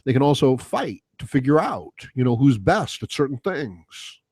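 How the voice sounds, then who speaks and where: A man's voice: mid-range voice, big pitch swings, normal speed, a little mellow, breathy edge, no room sound, clean studio sound. A man hosting a solo podcast, ranting casually in a rambling, profane way with lots of fillers. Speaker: podcast host.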